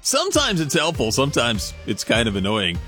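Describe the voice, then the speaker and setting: A man's voice: medium pitch, wildly swooping pitch, fairly quick, sharp tone, faint music behind. A man hosting a radio show, reading feel-good stories in an upbeat, chatty way. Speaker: radio host.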